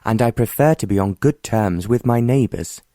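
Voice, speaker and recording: A man's voice: lowish voice, normal speed, no echo, studio quality, lightly acted. A man playing a mild, wry earl. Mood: calm wry. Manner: mild, wry, stubbornly calm. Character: mild, wry former naval officer earl.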